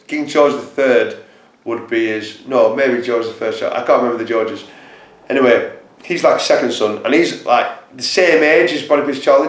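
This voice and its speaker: A man's voice: medium pitch, echoey room, low-quality recording. A man telling history in a loose, rambling way, swearing freely and often correcting himself. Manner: rambling, profane, self-correcting. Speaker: storyteller. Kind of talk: casual history storytelling.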